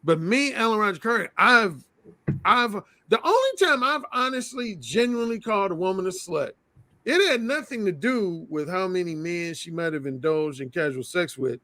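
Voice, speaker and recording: A man's voice: high-pitched, lively intonation, normal speed, sharp tone, no echo. A man telling frank, blunt stories as an interview guest in casual conversation.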